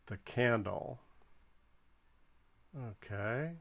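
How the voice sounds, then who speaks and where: A man's voice: fairly low pitch, drawn-out words, vocal fry, a bit bright. A man giving casual, encouraging play-by-play while someone else flies in a video game, counting the balloon score aloud. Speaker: co-commentator watching a flight game.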